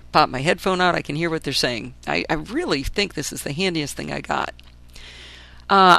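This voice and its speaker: A woman hosting a casual solo podcast, chatty and enthusiastic with wry asides, her voice still hoarse after a flu. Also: deep voice, fairly bright tone, no echo. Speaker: podcast host.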